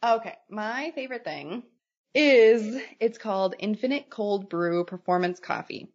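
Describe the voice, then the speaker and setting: A woman co-hosting a podcast who tells family stories in a lively casual chat. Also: medium pitch, measured pace, highs cut off. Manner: animated storyteller, acts out her daughter's lines. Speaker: podcast co-host.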